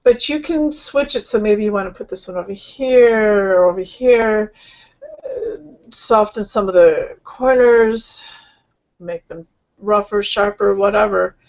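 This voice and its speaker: A woman hosting an online healing session, speaking gently and rambling, with many fillers and restarts. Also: mid-range voice, unhurried, lo-fi sound. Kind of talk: casual spiritual talk.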